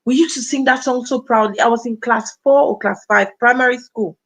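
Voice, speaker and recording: A woman's voice: a little high, brisk, a bit bright, poor audio. A woman with a Cameroonian accent, in her thirties, hosting a casual livestream and talking directly to viewers as she reads out their comments. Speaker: livestream host.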